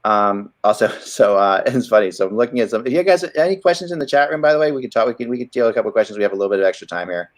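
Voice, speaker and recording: Male podcast host, very low voice, loose rambling hockey chat. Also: lively intonation, racing, hardly any pauses. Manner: rambling, many restarts.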